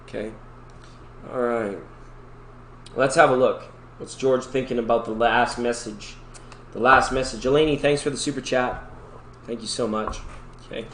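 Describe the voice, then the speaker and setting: A man's voice: medium pitch, steady tone, normal speed, a bit bright. Chatty man hosting a live tarot stream. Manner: chatty, rambling, upbeat, breaks into sung snippets. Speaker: tarot reader and livestream host. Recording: echoey room with faint background noise.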